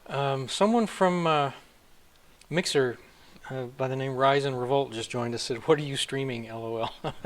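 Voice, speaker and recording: A man hosting a live stream, talking casually with many halting fillers. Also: mid-range voice. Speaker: livestream host.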